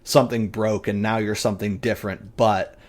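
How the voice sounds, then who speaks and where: A man's voice: fairly low pitch, steady tone, fairly quick. A man narrating as game master, casual and vivid, with frequent swearing and fillers.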